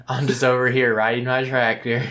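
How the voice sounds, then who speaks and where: A friend in casual chat, giving slow, drawn-out reactions and comments. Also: medium pitch, flat delivery, fairly bright tone.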